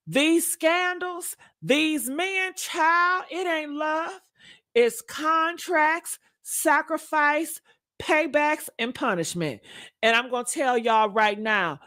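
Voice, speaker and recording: High bright woman preaching gossip, big swoopy voice. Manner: preachy, emphatic, repeats lines for effect. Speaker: commentary vlogger. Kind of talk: dramatic gossip commentary.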